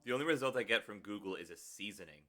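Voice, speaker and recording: A man's voice: fairly low pitch, animated, fast, pushed and bright, a little hiss or hum. A man hosting a casual livestream chat, rambling and giggly and often correcting himself. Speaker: streamer host.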